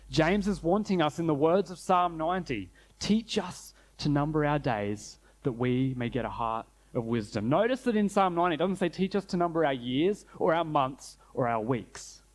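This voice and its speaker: A man preaching a sermon, earnest, slowing down and dropping low to stress key phrases. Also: animated. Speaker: pastor.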